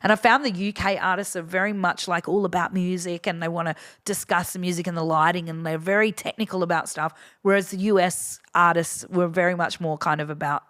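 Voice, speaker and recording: A woman's voice: on the low side, steady tone, fairly quick, hardly any pauses, fairly bright tone, no room sound, studio quality. Frank, swearing woman in her fifties. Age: 50s. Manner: frank, swears freely, acts out quoted voices. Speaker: DJ guest. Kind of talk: casual interview chat.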